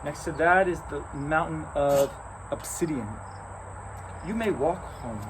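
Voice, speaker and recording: A man's voice: a little high, unhurried, background noise, voice pushed up, close to an everyday voice. A man voicing the giant Cat of Cruachan. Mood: playful. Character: giant all-seeing magical male cat, stern. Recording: outdoor recording with loud crickets.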